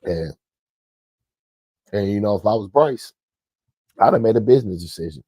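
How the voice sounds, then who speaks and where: A low, husky male sports host delivers a profane rant, his pitch swinging widely as he hammers each point again and again. The sound is close and dry. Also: lively intonation, moderate pace, dark tone, no room sound. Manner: profane, emphatic, repeats himself.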